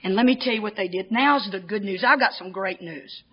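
A woman giving a humorous personal testimony to an audience, a lively storyteller who often laughs at herself. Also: medium pitch, fairly quick, slightly rough, lo-fi sound. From Texas, USA. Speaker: recovery speaker. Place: convention hall gathering.

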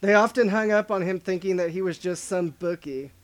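Podcast host, male, high and smooth voice, easygoing storyteller. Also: a little fast. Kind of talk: casual chat.

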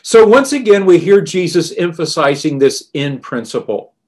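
A man preaching a sermon in a slow, earnest and deliberate way, dropping softer on the verses he quotes. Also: on the high side, animated.

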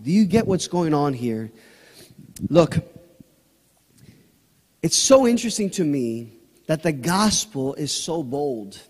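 A male pastor delivers a sermon in a high voice, pressing his points with passionate emphasis. His words ring out with a long reverb through a church sanctuary. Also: darkish tone. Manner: passionate preaching, rising to emphatic peaks.

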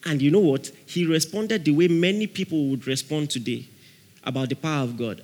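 A man preaching a sermon with fervor, calling out to his congregation and rising at times to shouts. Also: on the high side, brisk. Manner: fervent, calls out to the congregation.

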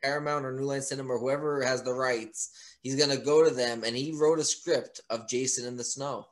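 A man's voice: medium pitch, steady tone, fairly quick. A man hosting an interview, chatting eagerly like a fan and listing names and credits. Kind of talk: casual interview chat.

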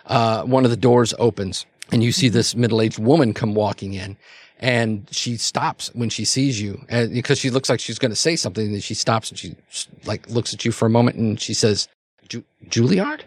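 A man's voice: fairly low pitch, steady tone, brisk, no echo. A man narrating a tabletop role-playing game as game master, rambling with many fillers and restarts.

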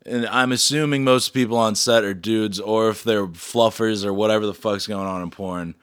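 A man's voice: on the low side, steady tone, normal speed, a bit bright, clear, resonant tone, no echo, studio quality. A man co-hosting a comedy podcast, trading crude casual banter with a crude, incredulous manner and frequent laughter. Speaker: podcast co-host.

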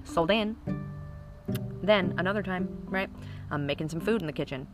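Woman in her thirties, low voice, rambling and cursing, guitar music behind. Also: moderate pace. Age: 30s. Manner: profane, rambling and chatty. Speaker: parent telling stories about her kids. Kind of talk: casual comic storytelling to camera.

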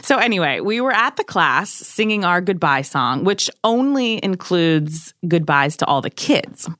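A woman's voice: on the low side, big pitch swings, unhurried, fairly bright tone, no room sound, clean studio sound. A woman in her thirties guest hosting a podcast, playful and jokey, chatting and reading the credits. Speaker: guest host. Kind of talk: casual chat and scripted outro.

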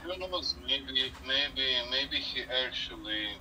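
A man joining a livestream as a guest, speaking in a halting, hesitant way. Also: mid-range voice, lively intonation, bright, forceful tone, a little hiss or hum, low-quality recording.

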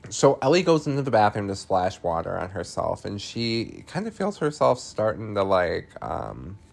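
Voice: low voice, big pitch swings, normal speed, gravelly, darkish tone. A podcast host casually recapping a film, chatty and loose, full of fillers, laughing and swearing freely.

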